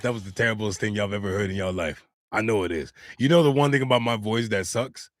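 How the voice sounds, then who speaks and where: A man's voice: on the low side, quick pace, hardly any pauses, no echo, studio quality. A man live-streaming, talking earnestly and casually to his chat in slangy speech. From United States.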